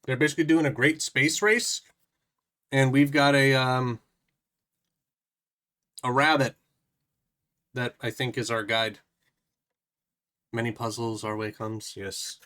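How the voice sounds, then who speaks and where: A man's voice: medium pitch, steady tone, takes it slowly, long pauses, pushed and bright. A man streaming live, reading a puzzle book aloud and chatting playfully, often muttering to himself as he works.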